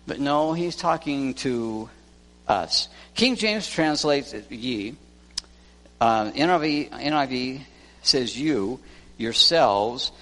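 A man who is a pastor preaching a sermon, swinging from loud emphasis to hushed lines. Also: on the high side. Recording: long church reverb.

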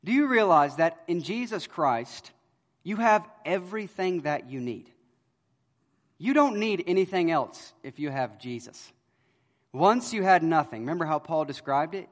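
Man preaching, fairly high voice, earnest, swells then hushes, long hall echo. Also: animated, measured pace. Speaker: pastor. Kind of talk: sermon.

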